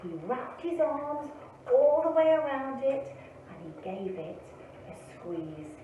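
A woman, an early years teacher, reading a picture book aloud to children in a slow, expressive storytelling way. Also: high-pitched, slight background noise. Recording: echoey, phone-like, from a distance.

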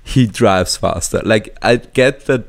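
A man's voice: lowish voice, slow. A man co-hosting a podcast, chiming in with dry, sarcastic remarks in casual chat. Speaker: podcast co-host.

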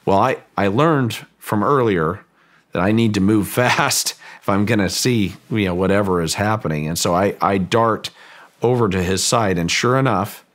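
A man's voice: low voice, moderate pace. A man, a guest on an interview show, telling a long story with frequent restarts and fillers, raising his voice when he acts out quoted lines. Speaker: guest, ranch owner.

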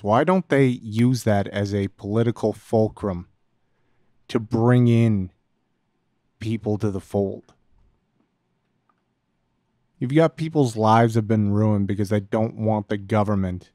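A man's voice: fairly low pitch, mellow, no room sound, clean studio sound. A man co-hosting a podcast, chatting bluntly about politics and swearing often. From Canada. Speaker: podcast co-host. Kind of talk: casual political chat.

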